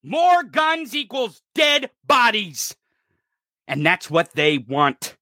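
An enraged man in his thirties from rural America tears into a profane political rant, shouting much of it. His voice sits high and sounds sharp and bright. The recording is dry and close, with no room sound. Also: big pitch swings, takes it slowly, dry recording. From rural United States.

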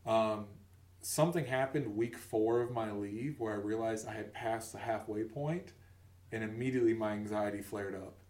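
Animated storytelling man on a podcast. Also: on the low side, normal speed, echoey room, recorded from a distance. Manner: animated, acts out voices in his stories. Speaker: podcast co-host. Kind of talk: casual comedic storytelling.

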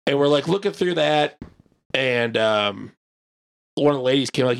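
A podcast co-host telling a long, rambling story in casual chat, full of "like" and the odd swear word. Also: male voice, mid-range voice, normal speed, vocal fry.

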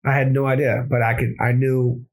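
Husky guy rattling off his story quick, plumber ex-marine, lots of restarts. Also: mid-range voice, little pitch movement, low-quality recording. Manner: rambling, with restarts and self-corrections. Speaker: guest, plumber and former Marine. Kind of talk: casual storytelling interview.

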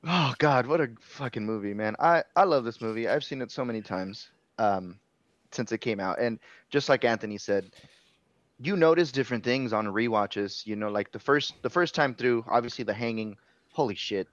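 A man's voice: mid-range voice, lively intonation, moderate pace, dry recording, highs cut off. A man co-hosting a podcast, gushing about a movie he loves, emphatic and swearing in casual chat. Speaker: podcast co-host.

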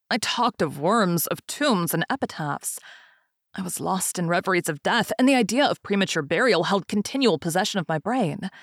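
A woman's voice: medium pitch, slightly rough, dry recording. Woman reading a gothic tale, dry. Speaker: reader.

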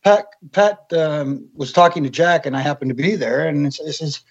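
A man with a husky, slightly high voice chats casually as an interview guest. He tells anecdotes and acts out the voices of people he quotes. The recording sounds dull and lo-fi. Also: normal speed. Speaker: guest, former wrestling referee.

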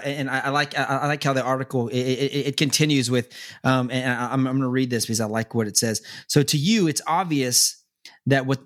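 A young man chatting casually as a podcast co-host, rambling with many restarts and repeated words, and turning animated when he quotes others. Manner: animated, jumps higher when quoting others. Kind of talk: casual chat.

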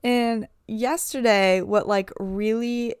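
A woman's voice: a little high, fairly even intonation, slow, clean tone, no echo, studio quality. A young woman hosting a casual podcast monologue as a swim coach, chatty and full of "like" fillers.

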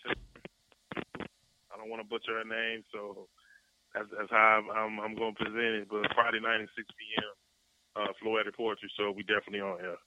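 A man's voice: lowish voice, level tone, moderate pace, long pauses, highs cut off, background noise. A man announcing an upcoming show, hesitant and filler-heavy. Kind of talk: casual chat.

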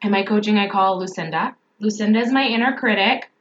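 A woman's voice: medium pitch, brisk, dull audio, a little hiss or hum. A woman mindset coach giving a motivational talk, repeating emphatic affirmations.

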